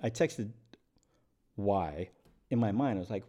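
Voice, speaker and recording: A man's voice: fairly low pitch, lively intonation, unhurried, long pauses, mellow. A middle-aged man hosting a podcast, speaking candidly and reflectively in one unscripted take, with restarts and wry chuckles. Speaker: podcast host and attorney.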